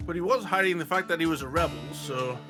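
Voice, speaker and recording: A man's voice: a little high, fast talker, loud music behind the voice, natural voice. A man voicing an earnest, slightly anxious young male defense attorney, reading a game script live.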